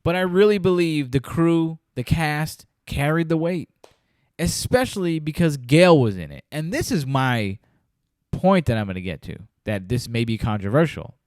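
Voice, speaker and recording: A man's voice: a little high, expressive, normal speed, no room sound, studio quality. A man hosting a podcast, chatting casually about a movie and acting out scenes in quoted voices. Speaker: podcast host. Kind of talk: casual movie review chat.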